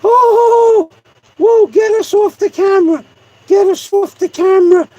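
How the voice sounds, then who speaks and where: A man voicing a squeaky, panicky little male character who shrieks frantic questions. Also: measured pace, mellow. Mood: panicked.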